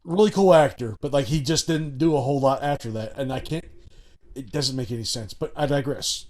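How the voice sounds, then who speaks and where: A man's voice: mid-range voice, fairly quick, darkish tone. A man from Chicago co-hosting a podcast over a remote call, rambling and profane, full of restarts and asides. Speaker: podcast co-host. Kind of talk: casual chat.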